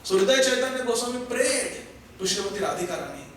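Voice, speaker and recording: A man teaches through devotional storytelling, fervently repeating phrases for emphasis. His voice is high and bright. It is picked up from a distance in a strongly echoing hall, with faint noise behind. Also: lively intonation, fast talker. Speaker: spiritual teacher giving a class.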